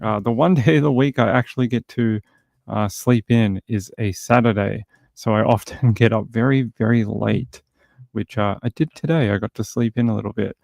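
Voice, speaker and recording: A man's voice: on the low side, moderate pace, a little mellow, no room sound. An Australian man hosting a livestream, chatting casually and jokingly with viewers and greeting them by name, sounding a bit tired. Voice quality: gravelly. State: tired from insomnia. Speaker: livestream host.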